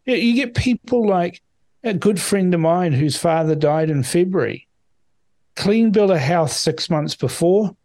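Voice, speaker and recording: A man on a political panel, telling stories in an animated way, stumbling over his words. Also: high-pitched, measured pace. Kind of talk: casual panel discussion.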